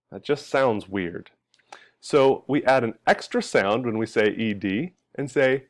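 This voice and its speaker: A man's voice: medium pitch, big pitch swings, a little slow, darkish tone. A man teaching English pronunciation, patiently modeling and repeating each sound for learners. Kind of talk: language lesson.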